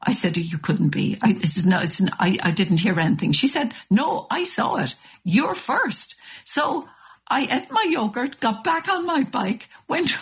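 An older Irish woman telling a story with lively, animated delivery in a radio interview. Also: a little high, unhurried, breathy edge. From Ireland. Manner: animated storyteller, restarts and acts out voices. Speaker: guest.

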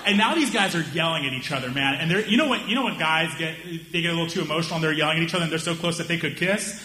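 A young man doing stand-up storytelling, animated and acting out the people in his story with raised voices. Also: fairly high pitch, racing. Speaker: stand-up comedian.

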